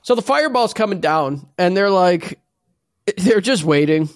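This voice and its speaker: A man's voice: sits high, lively intonation, normal speed, no room sound, studio quality. A man hosting a podcast, retelling an anime episode in casual, profane chat and acting out the lines. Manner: profane, laughing retelling with acted quotes. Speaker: podcast host.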